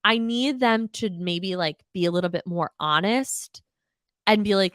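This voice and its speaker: Speaking a little slowly in a mid-range voice, a young adult woman recaps reality TV on her podcast with casual, animated exasperation, cursing freely and doing impressions of the people she covers. The studio-quality audio has no echo.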